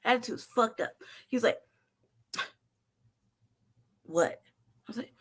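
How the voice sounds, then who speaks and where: Brief: woman host, casual profane storyteller, animated, quick to laugh. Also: a little high. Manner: profane, animated, laughs often, acts out quotes. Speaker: show host.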